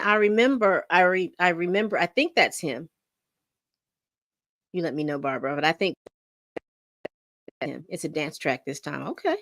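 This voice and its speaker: A woman's voice: lowish voice, moderate pace, pauses often, a bit bright, no echo, studio quality. A middle-aged woman hosting a casual livestream, rambling and reading chat comments aloud. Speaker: livestream host.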